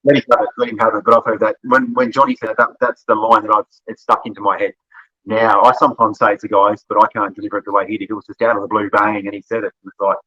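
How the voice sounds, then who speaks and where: A man with an Australian accent chats as a podcast guest, winding through his stories and stopping to correct himself. His voice sounds bright but husky, a bit low, and comes through muffled, lo-fi audio. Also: flat delivery, quick pace. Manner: rambling storyteller, laughs often, self-corrects. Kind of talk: casual conversation.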